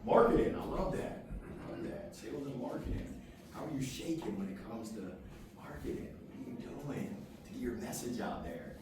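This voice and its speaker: A man giving an energetic, playful workshop talk to a live audience, quizzing the crowd. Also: medium pitch, moderate pace, noisy background. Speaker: motivational speaker. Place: meeting room with a live audience. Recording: very echoey room, far from the mic.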